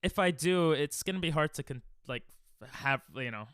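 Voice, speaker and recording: A young man streams a game from home and chats loosely with his viewers, breaking off and restarting as he goes. His voice sits a little high and sounds smooth and clear. It comes across dry and close on a desk mic. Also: expressive, normal speed, fairly bright tone, dry recording. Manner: rambling, self-deprecating, restarts often, chats with viewers. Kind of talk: casual livestream chat while speedrunning.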